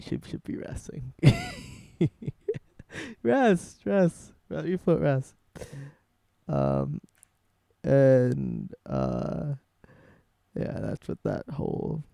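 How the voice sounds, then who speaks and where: A man musician in casual vlog talk, soft-spoken and rambling as he thinks aloud about his songwriting. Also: medium pitch, creaky, dry recording.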